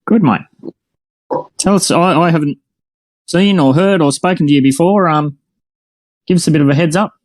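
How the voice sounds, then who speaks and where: A man's voice: a little high, normal speed, pauses often, dry recording. An Australian man hosting a casual online voice-chat show, laid-back and chatty, calling people mate. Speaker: host.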